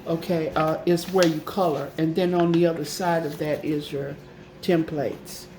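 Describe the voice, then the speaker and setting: A woman's voice: deep voice, steady tone, measured pace, mellow, roomy sound, slight background noise. A woman hosting a casual craft tutorial, talking in a chatty, repetitive way and often checking in with "okay?". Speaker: craft channel host.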